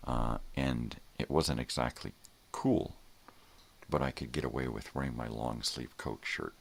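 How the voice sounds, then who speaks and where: Gravelly, very deep older man rambling. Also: fairly bright tone. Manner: rambling and laid-back, drifting between topics, often trailing into mumbles. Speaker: host. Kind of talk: casual morning livestream chat.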